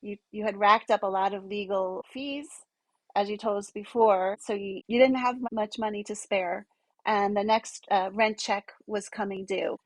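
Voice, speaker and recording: A woman's voice: medium pitch, fairly even intonation, normal speed, dry recording, low-quality recording. A woman hosting a podcast interview, summarizing her guest's story and asking supportive questions.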